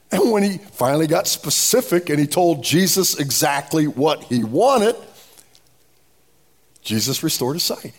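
A middle-aged man preaching a sermon as pastor, acting out pleading prayers with a raised voice. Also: high-pitched.

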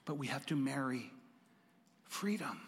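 A man's voice: mid-range voice, animated, measured pace, long reverb tail, slight background noise. A male pastor preaching a sermon, dramatic and repeating lines for emphasis as he calls out to the congregation. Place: church.

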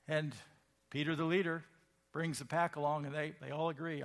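A man's voice: on the high side, flat delivery, moderate pace. A male pastor preaching a sermon in a conversational, emphatic way, asking the congregation questions.

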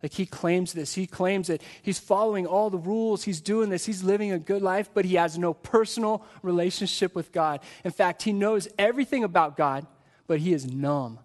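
A man's voice: high voice, normal speed, a little mellow. A male pastor preaching a live sermon to his congregation in a church, earnest and full of repeated rhetorical questions.

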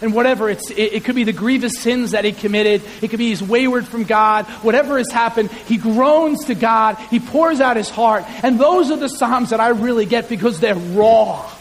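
A male pastor preaching a sermon in a church, lively and conversational with self-deprecating humor. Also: extremely high pitch, moderate pace, few pauses. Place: church sanctuary. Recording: hall reverb with faint hiss.

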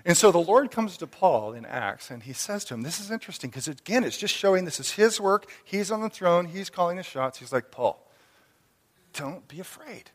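A man in his thirties or forties preaching a sermon as a pastor, conversational and animated. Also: high-pitched, brisk, hardly any pauses. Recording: long reverb of a hall.

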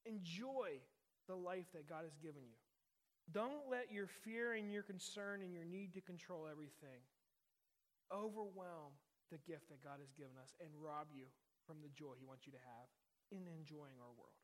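A man's voice: on the high side, moderate pace. A man in his thirties, a pastor delivering a sermon in a conversational style, repeating key lines for emphasis. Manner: conversational preaching with emphatic repetition.

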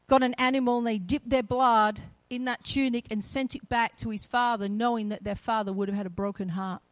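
Woman preacher, high voice, dry close sound, dramatic storytelling. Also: fairly even intonation, fairly quick, no echo, rough recording. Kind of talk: sermon.

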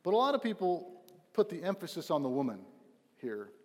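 Young male pastor, emphatic sermon, slightly high voice, echoey hall. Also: sing-song, a little fast. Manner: earnest, emphatic, with restarts. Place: church.

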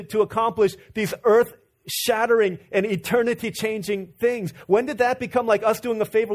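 A man from Virginia preaching a sermon in a conversational, storytelling way, full of restarts and asides to the room. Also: high-pitched.

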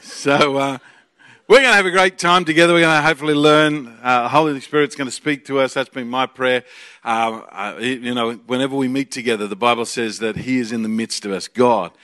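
A man's voice: medium pitch, brisk, pushed and bright, no room sound, studio quality. An Australian man in his forties, a guest pastor preaching a chatty, joking sermon with bursts of energy.

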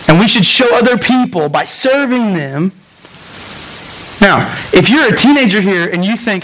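High-voiced animated man preaching. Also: poor audio. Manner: lively storytelling, acts out voices, quick asides. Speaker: pastor. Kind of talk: sermon.

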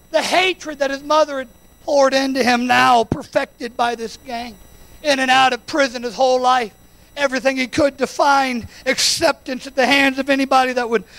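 A man preaching a sermon in a church, building to impassioned shouted peaks and then dropping to a quiet, intimate tone. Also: very high-pitched, low-quality recording. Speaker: pastor.

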